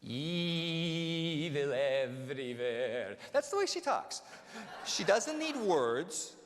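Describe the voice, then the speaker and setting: North American man, keynote storyteller, animated pitch, roomy hall reverb. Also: slow pace. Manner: animated, self-mocking storyteller. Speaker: motivational speaker. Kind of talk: humorous storytelling speech. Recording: reverberant hall, faint noise.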